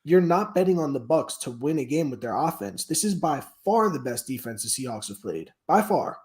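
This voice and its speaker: A man's voice: medium pitch, very animated, moderate pace, a little mellow. A man co-hosting a casual football betting chat, arguing his point insistently. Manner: argumentative, insistent. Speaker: sports betting podcast co-host.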